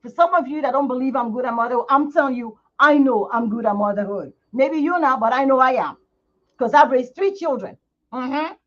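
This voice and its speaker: In a muffled, lo-fi home livestream, a middle-aged woman hosting a skincare channel airs her frustrations candidly to viewers. She has a high voice and talks fairly quickly.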